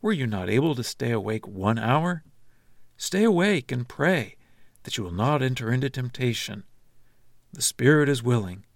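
A man reading the lines of Jesus as a calm, grave teacher in a measured, solemn scripture reading. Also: mid-range voice, dry recording, clean studio sound, lightly acted.

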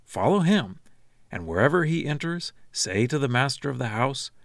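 A man reading the lines of Jesus as a calm, grave teacher in a measured, solemn scripture reading. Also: medium pitch, no room sound, clean studio sound.

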